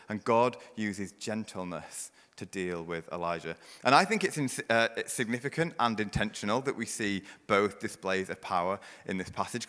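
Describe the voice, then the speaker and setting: A man preaching a sermon as pastor, building to loud, forceful passages and then dropping to a hushed near-whisper. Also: on the low side, in a large hall. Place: church.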